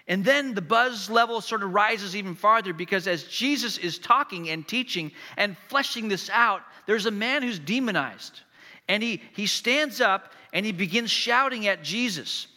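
Bright-voiced man preaching a story sermon. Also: high voice, long reverb tail. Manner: vivid storytelling, addressing the congregation directly. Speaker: pastor. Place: church.

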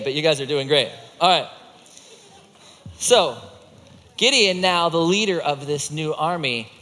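A man's voice: a little high, bright, forceful tone, a little hiss or hum. A man teaching a children's group, acting out a Bible story with volunteers in a playful, coaching way. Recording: echoey hall.

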